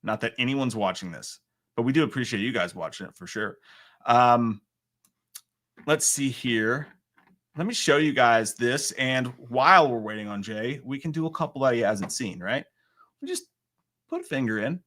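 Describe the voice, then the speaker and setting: A man in his thirties chats alone on a home livestream and reads viewer comments aloud. He rambles and pokes fun at himself, jumping between loud outbursts and quiet asides. His voice sits in an ordinary middle pitch and comes across bright and forceful. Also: expressive, normal speed. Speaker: livestream host. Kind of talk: solo livestream chat reading viewer comments.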